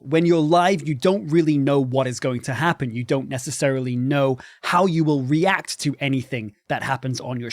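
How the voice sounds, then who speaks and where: A man hosting a tutorial on microphone quality for live streaming, explaining clearly and demonstrating his voice at different volumes. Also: on the high side, no echo. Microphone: studio microphone with processing.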